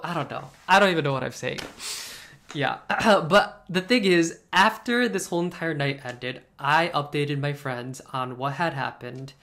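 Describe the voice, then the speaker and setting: A young man telling a personal story to camera in a casual, expressive vlog style, full of "like" fillers. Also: on the high side, normal speed. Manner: chatty and expressive, many "like" fillers, laughs while telling. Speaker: vlogger.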